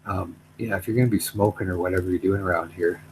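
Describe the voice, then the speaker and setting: A man's voice: low voice, steady tone, quick pace, a little hiss or hum, low-quality recording. A middle-aged man telling a story in casual chat, rambling, repeating himself, trailing off.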